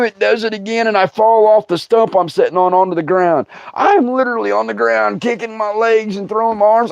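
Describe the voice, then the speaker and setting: A middle-aged man, hosting a comic storytelling livestream, laughing through his tale and breaking into loud outbursts. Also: high voice, no echo. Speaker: comedian host. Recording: dull, dry sound.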